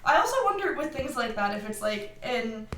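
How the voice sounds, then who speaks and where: Higher-voiced woman musing in an echoey room. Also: very animated, fairly quick, fairly bright tone, a little hiss or hum. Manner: musing, thinks aloud with fillers. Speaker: podcast co-host. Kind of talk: casual fan podcast chat.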